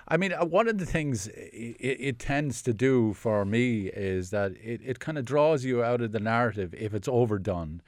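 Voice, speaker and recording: A man's voice: medium pitch, lively intonation, normal speed, few pauses, no room sound, clean studio sound. An Irish man talking about new films on the radio, hesitant, with many fillers and restarts. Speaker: film critic. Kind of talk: casual radio film review. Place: radio studio in Dublin.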